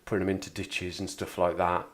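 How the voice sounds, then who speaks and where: A man's voice: deep voice, level tone, fairly quick. Chatty Black Country man streaming live. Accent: Black Country English. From England, Black Country. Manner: rambling, chatty, repeats himself. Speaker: livestream host. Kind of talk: casual chat with live chat.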